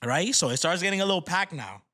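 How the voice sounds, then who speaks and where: Animated young New man. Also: high voice, fast. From New York City. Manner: animated, laughing storyteller who acts out quotes. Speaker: podcast co-host. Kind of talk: casual storytelling.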